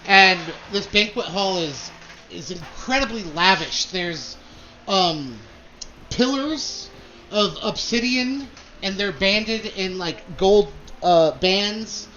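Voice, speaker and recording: A man's voice: high voice, expressive, takes it slowly, bright, forceful tone, highs cut off, a little hiss or hum. A man narrating a tabletop game as game master, describing scenes with many fillers.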